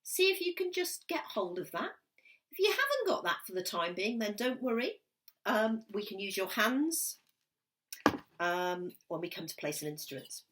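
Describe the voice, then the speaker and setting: A woman's voice: mid-range voice, sing-song, a bit bright, a little hiss or hum. A woman teaching a recorded music lesson to young children, patient and encouraging, sometimes dropping to a whisper. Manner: slow, patient and encouraging, drops to a whisper at times. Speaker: primary school music teacher.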